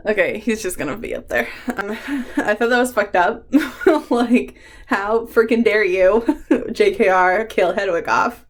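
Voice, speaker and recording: A young woman chatting casually in a home vlog as a book vlogger, emotional and quick to laugh. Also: a little high.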